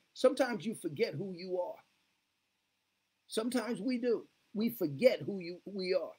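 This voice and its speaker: A man's voice: sits high, lively intonation, a little slow, a little mellow, slightly rough. A man preaching a sermon as pastor, fervent, leading the congregation in call-and-response. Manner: fervent, repeats "glory be to God, hallelujah" with call-and-response.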